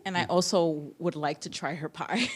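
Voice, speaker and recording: A church attendee sharing a personal reaction in an earnest, halting way. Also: mid-range voice, animated, breathy edge. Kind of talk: casual testimony.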